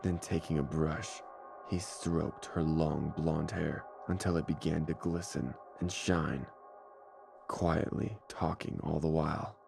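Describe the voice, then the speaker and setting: A man narrating a scripted horror story in a measured, deliberate way, with music playing behind him. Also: a bass voice, steady tone, gravelly. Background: faint music score.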